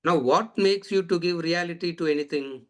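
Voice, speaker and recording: A man's voice: a little high, moderate pace. A man teaching a lecture on scripture, repeating phrases and asking rhetorical questions. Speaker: Vedanta teacher.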